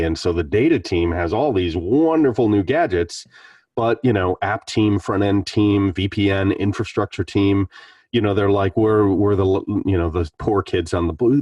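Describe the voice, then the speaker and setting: A man with a very low, husky voice talks loosely and at length in a casual online panel. He sounds slightly off-mic, in a dry room. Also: a little mellow, no room sound, recorded from a distance. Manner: rambling, conversational. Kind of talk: casual online meetup discussion. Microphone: video call.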